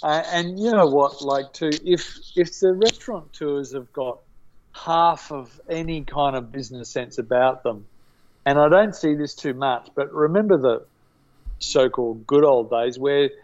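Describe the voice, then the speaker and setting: A man's voice: fairly high pitch, a little mellow. A man co-hosting a podcast, agreeing with his partner and adding his own chatty points in casual conversation. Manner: agreeable, chatty, drawn-out asides. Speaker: podcast co-host. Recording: dull lo-fi audio.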